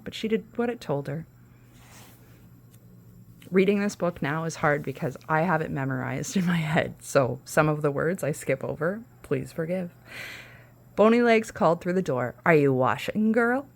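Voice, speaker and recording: Brief: woman host narrating a kids' story, low voice with a gravelly edge, casual asides. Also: lively intonation, moderate pace. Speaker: podcast host. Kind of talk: reading a children's storybook aloud.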